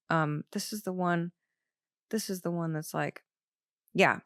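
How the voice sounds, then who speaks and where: Chatty woman with a lowish voice. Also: steady tone, unhurried, no room sound, clean studio sound. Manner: enthusiastic, chatty, many fillers. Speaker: podcast host. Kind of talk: casual album commentary.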